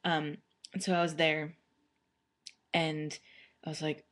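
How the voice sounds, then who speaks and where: A woman's voice: sits low, little pitch movement, slow, a bit bright. A young woman telling a personal story casually, rambling with many fillers and restarts.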